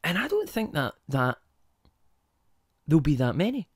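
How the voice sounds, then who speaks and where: A man's voice: on the high side, wildly swooping pitch, moderate pace, slightly rough, no echo. Rambling male podcast host, dry sound. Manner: rambling, goes off on tangents, asks rhetorical questions. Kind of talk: casual monologue.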